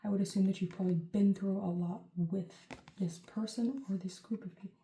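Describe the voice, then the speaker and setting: Chatty woman reading tarot, mellow voice. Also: medium pitch, fairly even intonation, fairly quick. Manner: rambling, chatty, full of "like" and "um". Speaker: tarot reader. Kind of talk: casual tarot reading to camera. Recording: roomy echo.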